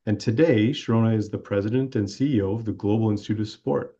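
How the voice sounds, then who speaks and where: A man hosting a business school podcast, introducing his guest in a measured way with occasional fillers. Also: lowish voice, warm tone, dull audio. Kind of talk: podcast interview.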